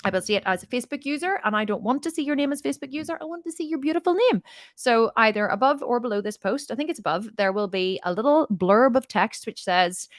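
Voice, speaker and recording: A woman's voice: fairly high pitch, expressive, fast talker, no room sound, clean studio sound. A woman, hosting a live fitness Q&A from home in a chatty, upbeat way and greeting viewers by name. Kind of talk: casual livestream chat. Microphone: computer microphone on a video stream.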